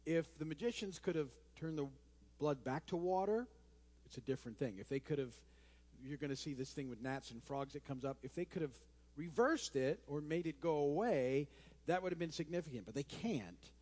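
A man's voice: on the high side, lively intonation, moderate pace, a little mellow. A male pastor preaching a sermon in a conversational way, with restarts and friendly asides. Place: church sanctuary. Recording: long hall reverb in a church.

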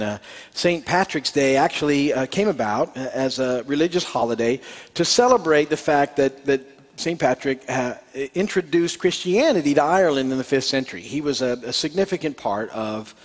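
A man's voice: mid-range voice, in a large hall. A man preaching a sermon as a pastor, folksy and hesitant with many fillers, telling a joke and reading scripture.

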